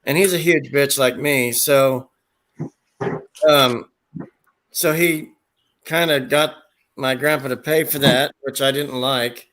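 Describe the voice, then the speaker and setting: A man's voice: mid-range voice, fairly even intonation, slow pace, long pauses, a bit bright. Rambling man telling crude funny stories. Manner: rambling, crude jokes, voice impressions. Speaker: storyteller. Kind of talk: casual joking anecdotes.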